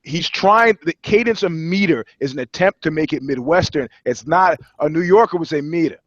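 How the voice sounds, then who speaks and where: A man's voice: fairly high pitch, normal speed, no echo. Man, podcast co-host, rambling casual talk, slightly muffled lo-fi sound. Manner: rambling, restarts a lot, swears casually. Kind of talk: casual chat.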